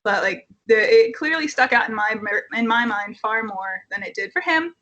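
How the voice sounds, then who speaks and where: A young woman telling a personal story casually at home, animated and swearing, with plenty of fillers. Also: on the high side, normal speed.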